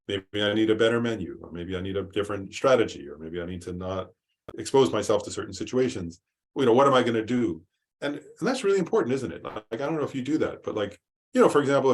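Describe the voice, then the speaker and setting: A man teaching a Buddhist class in a relaxed, conversational way, often stopping to ask "right?" and filling pauses with "um". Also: on the low side. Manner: conversational, rephrases with frequent "right?" and "um".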